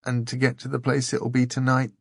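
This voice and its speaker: A man's voice: medium pitch, monotone, gravelly, breathy edge, no echo, clean studio sound, pitched above the performer's own voice. A man voicing a thin, nervous young girl who talks earnestly and warily. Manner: earnest, wary, quick to take offence.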